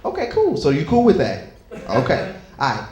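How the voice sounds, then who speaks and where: A man's voice: on the high side, huge pitch swings, normal speed, a little mellow. A young man doing a stand-up comedy set, loose and conversational, chatting with the crowd between stories. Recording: echoey comedy club.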